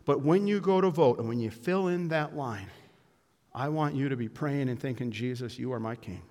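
A male pastor preaching a sermon and closing in prayer, earnest and emphatic, dropping to a hush and then building to loud declarations. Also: on the high side, moderate pace. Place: church sanctuary. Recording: long hall reverb from a church room.

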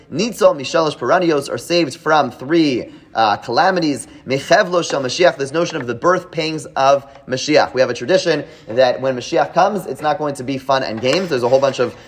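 A man with a somewhat high voice leads a live class, talking it through in a loose, explanatory way. He restarts often and keeps checking in with his students. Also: husky. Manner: explanatory, many fillers and restarts, asks rhetorical checks. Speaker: teacher leading a Talmud class.

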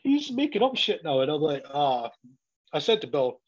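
A man, a professional wrestler, telling sweary, animated stories in casual chat and acting out both sides of each exchange. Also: on the high side, moderate pace. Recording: dull lo-fi audio.

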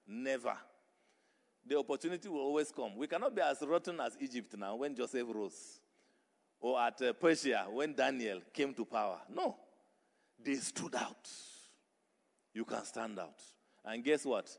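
A male pastor preaching a sermon, building emphatic repeated phrases into loud exhortation. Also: mid-range voice, normal speed, gravelly. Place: church hall. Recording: reverberant church hall.

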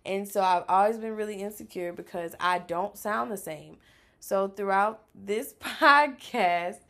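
A woman from South Louisiana hosting a podcast in casual chat, candid and quick to laugh, swearing freely. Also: medium pitch, fairly bright tone. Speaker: podcast host.

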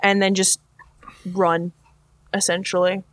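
A woman's voice: medium pitch, level tone, slow pace, no echo. Casual hesitant woman playing a tabletop game. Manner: casual, hesitant, many fillers. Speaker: player.

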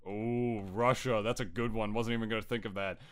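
A man's voice: lowish voice, steady tone, brisk, clean tone. A man co-hosting a casual podcast, swearing and joking as he reads search results aloud. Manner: crude, joking, exclaims while reading search results. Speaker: podcast co-host.

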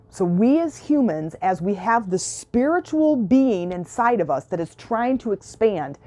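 A woman's voice: mid-range voice, warm tone. A woman coach giving a motivational self-help talk, emphatic, repeating key phrases and acting out the questions people ask her.

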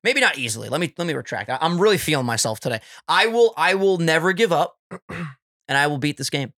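A young man with a bright, slightly raised voice chats in animated, joking banter. He laughs often and keeps the talk playful. The room sounds dry and close. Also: fairly high pitch, quick pace, dry recording. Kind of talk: casual banter.

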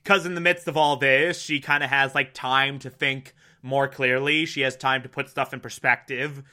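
A man's voice: medium pitch, steady tone, normal speed, sharp tone. A man giving a casual, chatty recap of a TV episode, laughing often and using lots of fillers. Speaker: podcast host.

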